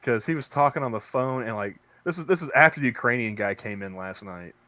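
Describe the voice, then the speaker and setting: A man's voice: mid-range voice, lively intonation, brisk, sharp tone, dry recording. A man co-hosting a casual podcast chat, rambling through stories with many restarts. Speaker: podcast co-host; convenience store worker.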